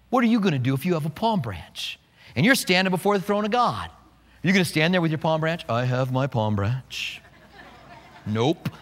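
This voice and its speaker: A man preaching a sermon, animated and playful, acting out quotes with humor. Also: on the high side, big-room sound. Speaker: pastor.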